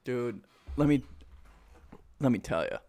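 Unhurried and animated, his mid-range voice warm, this Minnesota co-host in his twenties chats casually on a podcast. He spins crude tales, swearing and laughing along the way.

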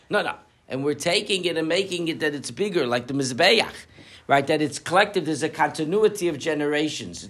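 A man, a rabbi, giving a lively Torah class to a live audience, joking and throwing out rhetorical questions, with Yiddish and Hebrew terms mixed in. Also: fairly high pitch.

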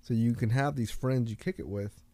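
A man's voice: medium pitch, normal speed, dark tone, no room sound. A man talking earnestly in a casual conversation, telling stories and giving life lessons in a motivational way. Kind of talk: casual podcast chat.

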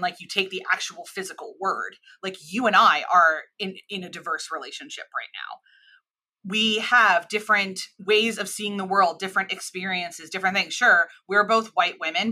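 An American woman in her thirties with a flat mid-Atlantic accent, speaking as an interview guest. Her voice is bright and forward, and she explains her points in long, animated stretches. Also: medium pitch. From United States. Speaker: podcast guest, cross-cultural expert. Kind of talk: conversational interview.

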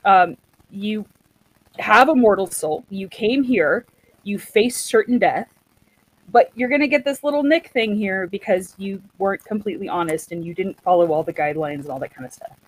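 A woman's voice: mid-range voice, normal speed, dry recording, low-quality recording. Chatty woman retelling a story. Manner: chatty, animated, acts out quotes.

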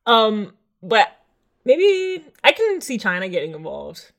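A woman's voice: mid-range voice, wildly swooping pitch, slow pace, vocal fry, fairly bright tone. A woman co-hosting a casual podcast chat, talking bluntly and wryly as she steers the conversation. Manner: blunt, wry, leads the conversation. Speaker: podcast co-host.

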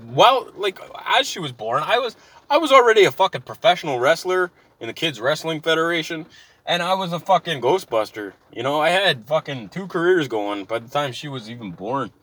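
Brief: thirties man, bright forceful voice, dry close sound, profane car rant. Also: fairly high pitch, a little fast, no echo. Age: 30s. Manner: swears constantly, heated and animated. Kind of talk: profane ranting monologue. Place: inside a car.

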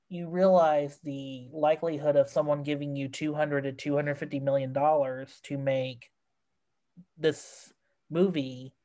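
Brief: unhurried rambling film podcast host, exasperated critique, mid-range voice. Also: medium pitch, darkish tone. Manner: rambling, exasperated, many fillers. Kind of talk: casual film review chat.

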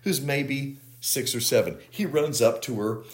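A man co-hosting a podcast, retelling an episode's plot in a casual, animated way and laughing as he goes. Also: medium pitch, measured pace. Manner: animated storyteller, laughs while retelling plots. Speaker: podcast co-host. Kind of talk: casual episode recap chat.

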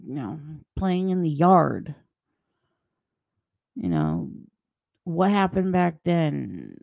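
Gravelly low-voiced woman, sarcastic. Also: warm tone, no room sound. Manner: blunt, sarcastic, rambling; mocking put-on voices when quoting people. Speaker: podcast host. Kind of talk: opinionated solo podcast monologue.

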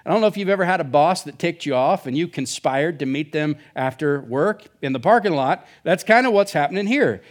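A man's voice: fairly high pitch, animated, fairly quick, hardly any pauses. A male pastor preaching a sermon in a casual, joking way, full of asides. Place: church.

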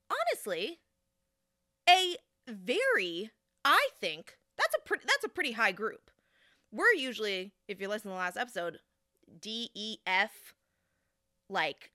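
A young woman hosts a podcast and tells a story in a casual, animated way. Her bright voice swings widely in pitch as she acts out the people she met. The sound is dry and close to the mic. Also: no echo. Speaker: podcast host.

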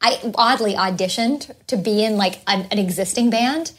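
A Canadian woman, a voice actress, chatting playfully as a guest in a casual interview recorded in a hotel lobby on a field recorder. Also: mid-range voice. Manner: playful, laughing, quick to agree.

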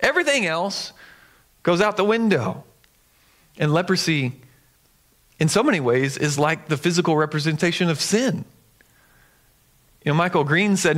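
A man's voice: fairly high pitch, moderate pace, pauses often, a bit bright. Earnest man preaching a sermon. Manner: earnest and emphatic, conversational with fillers. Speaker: pastor.

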